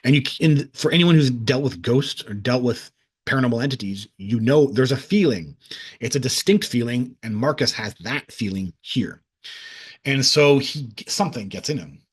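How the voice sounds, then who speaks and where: A man hosting his own video, telling a rambling story in a halting way with many restarts. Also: mid-range voice, lively intonation, slightly rough. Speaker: video host. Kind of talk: casual storytelling monologue.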